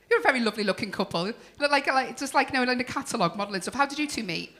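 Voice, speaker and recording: Woman compere on a club stage, brash and sweary with the crowd, slightly high, sharp voice. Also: sing-song, fast talker. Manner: brash, teasing, sweary banter with the audience. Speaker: stand-up comedy compere. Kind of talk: stand-up crowd work.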